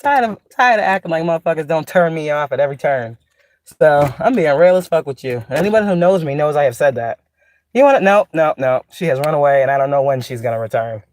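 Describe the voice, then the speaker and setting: A woman's voice: deep voice, expressive, fast talker, a little mellow. A woman spiritual teacher in a casual, blunt, profane monologue, laughing often and drawing out sarcastic asides.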